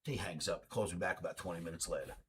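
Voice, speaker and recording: A man hosting a live question-and-answer stream, telling stories in an animated way and freely swearing. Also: low-pitched, fast talker, a little hiss or hum. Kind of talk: live Q&A storytelling.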